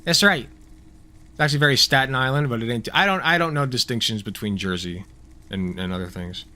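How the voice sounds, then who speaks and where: A man's voice: medium pitch, quick pace, pushed and bright. A man streaming a video game, reacting with profane, joking asides in casual commentary.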